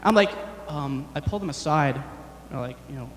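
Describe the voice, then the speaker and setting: A young man performing a rambling, self-deprecating stand-up set, halting often with fillers. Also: medium pitch, echoey room, big-room sound, slight background noise. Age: young adult. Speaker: stand-up comedian. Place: large chapel hall on stage.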